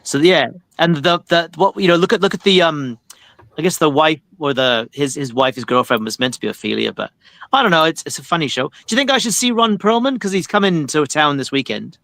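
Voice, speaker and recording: A man on a casual panel chat, opinionated and measured. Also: a little high, expressive, creaky, fairly bright tone, no room sound. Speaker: podcast panelist.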